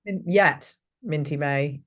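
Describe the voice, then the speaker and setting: A woman's voice: deep voice, slow pace. Woman host asking chatty questions. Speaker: podcast host. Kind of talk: casual interview chat.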